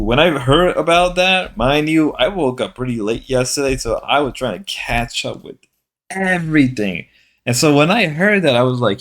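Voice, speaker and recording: A man's voice: mid-range voice, animated, normal speed, fairly bright tone. A man streamer giving casual commentary on clips, rambling and incredulous, repeating himself.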